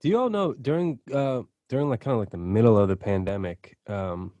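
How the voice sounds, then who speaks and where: A man's voice: on the low side, brisk, warm tone, no room sound, muffled recording. A man hosts a loose music chat and keeps the rounds moving. He teases the others and fills his talk with casual asides. His voice sounds dry and close, with no room around it. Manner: playful, teasing banter, filler-heavy. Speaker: segment host. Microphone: video call.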